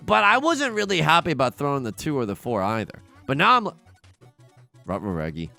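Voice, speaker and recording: A man commentating live on his own tile game, excitable and jokey, yelping at setbacks and muttering while he counts tiles. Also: on the high side, quick pace, creaky, faint music behind. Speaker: streamer playing a tile game.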